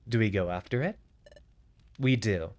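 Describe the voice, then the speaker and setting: A man voicing a gruff, scheming male bat creature thug with a Brooklyn accent, pitched below his usual voice. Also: measured pace, a little mellow, lightly acted. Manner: gruff, sneering tough-guy talk.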